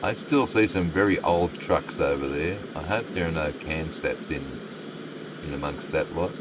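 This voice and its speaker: A man's voice: extremely low pitch, moderate pace, background noise. An Australian man live-streaming a game, chatting with viewers and muttering asides to the game. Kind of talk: live stream commentary, reading chat.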